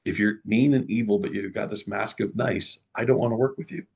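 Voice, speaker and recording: A middle-aged man telling a story as a guest in an interview, lively and full of restarts. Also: fairly low pitch, a little fast, vocal fry, slightly rough. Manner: animated storyteller, many restarts.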